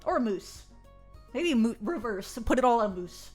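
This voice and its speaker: A woman with a high voice streams a visual novel, narrating its lines quietly before bursting into loud, laughing banter with her chat. Faint music plays under her talk. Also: sing-song, unhurried. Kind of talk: live-stream reading and chat.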